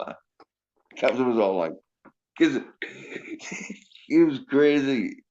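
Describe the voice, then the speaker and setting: A man's voice: medium pitch, darkish tone. A man hosts a loose livestream chat, spinning a rambling story full of swearing and trailing-off phrases. The sound is dull and muffled, like a cheap voice-chat mic. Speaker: livestream host. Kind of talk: casual chat.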